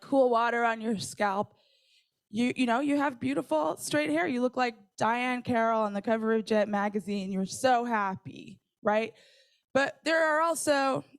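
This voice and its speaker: Lively woman telling a personal story. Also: a little high. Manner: lively, conversational, checks in with listeners; laughs between lines.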